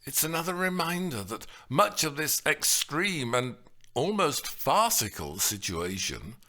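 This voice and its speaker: A man giving a scripted literary analysis in a measured way, now and then acting out quoted lines with a raised voice. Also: fairly high pitch, sing-song, pushed and bright.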